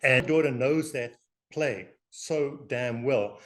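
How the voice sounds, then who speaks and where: A man's voice: mid-range voice, slow. Chuckling older man with a South African English accent. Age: 60s. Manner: animated, chuckling storyteller. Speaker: alumnus. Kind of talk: casual storytelling interview.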